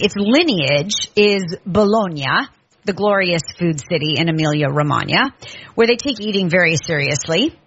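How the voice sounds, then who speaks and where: A woman's voice: mid-range voice, fairly bright tone, dull audio, a little hiss or hum. A woman hosting a food show, talking casually and with enthusiasm, lingering over descriptive words. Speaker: food podcast host. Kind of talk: casual chatty monologue. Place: Southern California.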